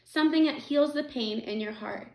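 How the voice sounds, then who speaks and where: A tired, kindly old woman speaks in a soft, tender voice, played by a woman reading a novel aloud. The voice sits a little high and carries a gentle, grieving weight. The recording has a roomy echo. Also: normal speed. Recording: echoey room.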